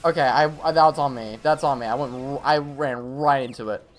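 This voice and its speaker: A man commentating his own live gameplay stream, talking to himself and the game with quick reactions. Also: mid-range voice.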